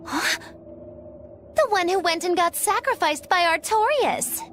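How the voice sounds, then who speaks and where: A woman's voice: extremely high pitch, expressive, a little slow, a bit bright, a little hiss or hum, exaggerated voice. An actress voicing a mischievous, theatrical young witch in a video game, teasing and riddling.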